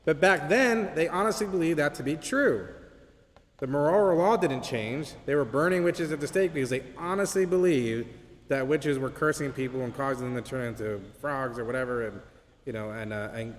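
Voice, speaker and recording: A man's voice: medium pitch, fairly quick. Man teaching in an echoing hall. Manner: conversational, keeps asking "right?". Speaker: church teacher. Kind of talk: apologetics class teaching. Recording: long hall reverb.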